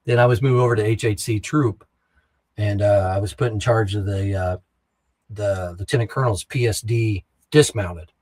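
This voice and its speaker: Middle-aged male veteran guest, husky and fairly low, blunt and profane storyteller. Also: steady tone, normal speed, darkish tone. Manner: acts out other soldiers' lines in the retelling. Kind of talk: casual storytelling.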